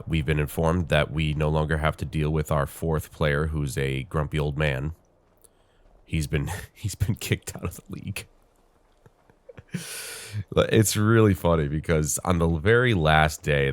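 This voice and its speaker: Low and rumbling with a clean tone, this congested-sounding male host offers casual commentary as he plays. He's chatty and meandering, voicing his thoughts with many fillers.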